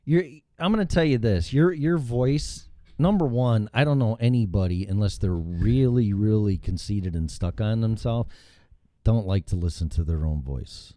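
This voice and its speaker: A man's voice: lowish voice, moderate pace, no echo. A man hosting a casual talk show, telling rambling, profane stories with lots of energy on a studio mic with headphones. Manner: profane, rambling, animated storytelling. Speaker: show host.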